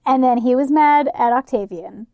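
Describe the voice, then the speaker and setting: A woman hosting a podcast, chatting candidly and thinking out loud with plenty of "like"s and the odd swear. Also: high-pitched, moderate pace, no echo, phone-quality sound. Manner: candid, profane, thinks aloud with many "like"s. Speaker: podcast host. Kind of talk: casual podcast chat.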